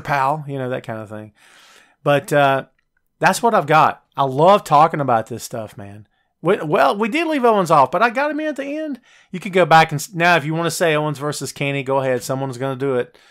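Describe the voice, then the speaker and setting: A man hosting a casual wrestling talk show, chatty and jokey, talking straight to live viewers and tossing in quick high-pitched voices when he quotes wrestlers. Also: creaky, fairly bright tone. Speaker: podcast host.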